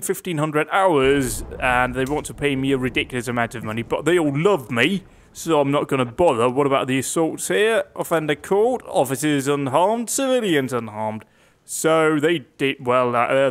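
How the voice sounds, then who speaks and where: A young man casually commenting on a game he is playing, reading its text aloud with dry jokes and puns. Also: a little high. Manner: wry, jokey, reads game text aloud with quips. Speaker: gaming YouTuber. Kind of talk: casual let's play commentary.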